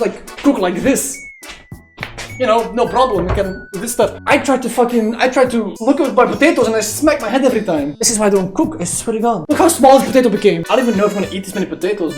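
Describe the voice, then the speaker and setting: Excitable young man, echoey kitchen. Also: high voice. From Belgium. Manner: excitable, swears often, loud sudden outbursts. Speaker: streamer. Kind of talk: live-stream chat while cooking. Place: home kitchen. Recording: echoey kitchen with faint music.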